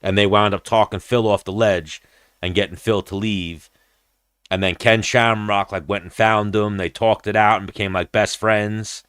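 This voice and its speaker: A man's voice: fairly low pitch, fairly even intonation, moderate pace, fairly bright tone, clear, resonant tone, dry recording, studio quality. A young man hosting a podcast, telling a long, profane story in casual chat and acting out the people in it. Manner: rambling, profane, acts out quoted voices. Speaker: podcast host.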